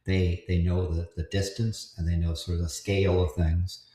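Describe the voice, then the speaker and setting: Halting man explaining volcano science. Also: sits low, flat delivery, mellow, reverberant. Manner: halting, many restarts and fillers, joking asides. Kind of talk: casual livestream chat.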